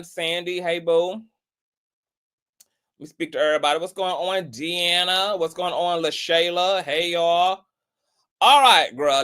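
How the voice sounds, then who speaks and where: A flamboyant man chats on his livestream in a sassy, theatrical way, stretching out his greetings to the viewers. His voice sits a little high and rings bright and punchy. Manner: peppers talk with "girl" and "child". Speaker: livestream host. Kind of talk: casual livestream chat.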